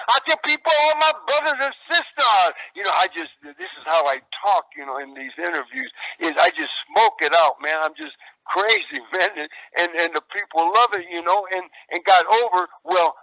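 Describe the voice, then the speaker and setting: A man's voice: fairly high pitch, vocal fry, pushed and bright, dry recording, lo-fi sound. An older man, a wrestling veteran, telling stories in a rambling interview, with many stalls and repeated words. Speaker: retired wrestler guest.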